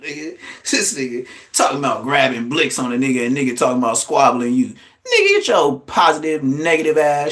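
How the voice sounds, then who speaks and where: A man hosting a livestream, giving blunt, profane, trash-talking commentary in an excitable way. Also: medium pitch, fairly quick. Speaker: livestream host.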